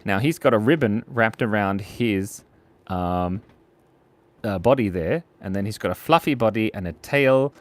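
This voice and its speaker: An Australian man hosts a live drawing stream for children, joking and chatting with viewers as he works. His voice is on the low side, animated, and a little slow.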